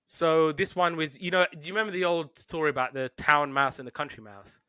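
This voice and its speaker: A man hosting a podcast in casual chat, retelling cartoons with lively put-on voices. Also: fairly high pitch, brisk, clear, resonant tone, dry recording, clean studio sound. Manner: animated storytelling with put-on voices. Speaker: podcast host.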